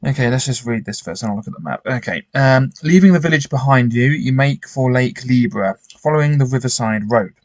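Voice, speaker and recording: A man's voice: medium pitch, lively intonation, brisk, hardly any pauses, a little mellow, dry recording. A man reading a gamebook aloud with commentary, often stumbling and restarting his sentences. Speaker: gamebook player.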